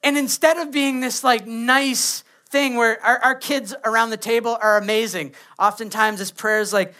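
A man's voice: very high-pitched, fairly even intonation, normal speed, hardly any pauses, sharp tone. A man, preaching a sermon as pastor and acting out quoted kids and prayers.

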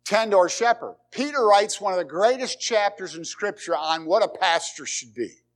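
A man's voice: high-pitched, expressive, moderate pace. A man preaching a sermon as pastor, emphatic, repeating key words and asking the congregation rhetorical questions.

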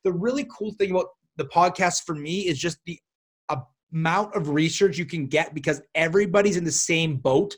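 A man guesting on a podcast, talking in a chatty, animated way and swearing casually. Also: a little high, normal speed. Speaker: guest, self-defense instructor.

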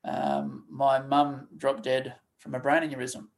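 Halting man telling a painful story. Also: mid-range voice, little pitch movement, gravelly. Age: 30s. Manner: halting, emotional, many restarts and trailing pauses. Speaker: guest, charity co-founder. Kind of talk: personal storytelling in a podcast interview.

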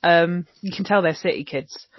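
A woman podcast co-host recaps a TV episode in chatty, sweary talk full of ums. Her voice is on the low side at a moderate pace, in a dull, lo-fi, dry recording with no room sound.

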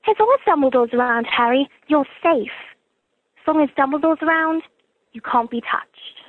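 A woman's voice: high voice, moderate pace, close to an everyday voice. A woman from Florida voicing a clever teenage schoolgirl witch in a put-on British accent, earnest and reassuring. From Florida, USA. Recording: tinny phone-like, dry.

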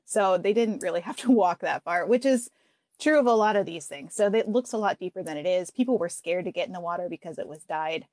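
A young woman co-hosting a podcast in casual chat, chatty and quick to laugh. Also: on the low side, no echo, clean studio sound. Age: young adult. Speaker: podcast co-host.

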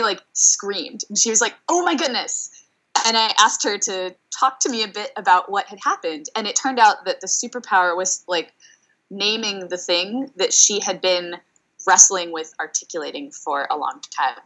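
Woman, career coach, low voice, reflective, filler-heavy interview answers. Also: pushed and bright, low-quality recording. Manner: thoughtful, many fillers and pauses. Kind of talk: podcast interview.

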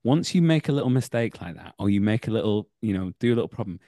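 A young man with a Manchester accent, an actor and acting teacher, telling animated backstage anecdotes in a casual interview and laughing as he goes. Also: lowish voice, fast talker, no room sound, clean studio sound. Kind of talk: casual podcast interview, storytelling.

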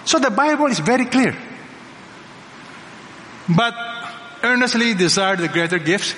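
A man's voice: high voice, lively intonation, measured pace, bright, forceful tone, slight background noise. A man preaching a sermon as pastor, emphatic and full of rhetorical questions to the congregation. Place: large church hall. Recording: long reverb of a large hall.

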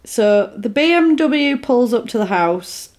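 A woman, casually retelling a film plot and acting out the characters' lines in quick voices. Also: on the high side, expressive, a little mellow. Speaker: film recapper.

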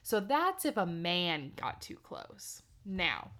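A woman's voice: on the low side, big pitch swings, slow pace, few pauses, a bit bright. A young woman co-hosting a podcast, chatting casually and reading a fairy tale aloud with giggles and joking asides. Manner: giggly, self-deprecating, rambling with asides. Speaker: podcast co-host.

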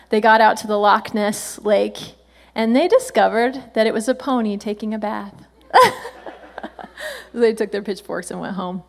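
A woman's voice: mid-range voice, animated, moderate pace. A woman senior pastor giving a chatty, playful sermon, laughing often as she talks.

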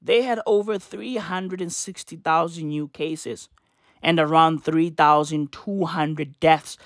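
A woman's voice: low voice, steady tone, slow pace, dry recording, clean studio sound. A woman vlogger delivering a profane comic rant, slangy and emphatic, hammering the same points over and over.

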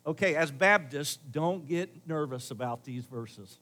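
Brief: middle-aged man, pastor, a touch high-pitched, conversational sermon with loud pushes and soft asides. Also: expressive, measured pace. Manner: conversational, varying loud emphasis and quiet asides.

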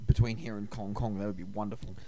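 A man's voice: fairly low pitch, flat delivery, fast. New Zealand co-host, male, laid-back sweary banter, noisy crowd behind. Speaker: podcast co-host. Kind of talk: casual podcast banter.

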